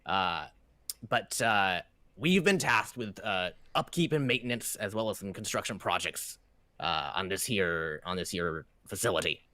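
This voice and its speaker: A chatty, folksy dwarf foreman, as a man puts him on in a tabletop game, rambling through his words with lots of fillers. The voice sits fairly low and sounds close and dry, with no room around it. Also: lively intonation, unhurried, pushed and bright, no room sound, full character voice.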